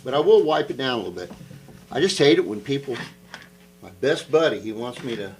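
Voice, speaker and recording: A man's voice: mid-range voice, expressive, a little fast, low-quality recording. A man talking casually to the camera while repairing an old guitar, rambling and thinking aloud as he works.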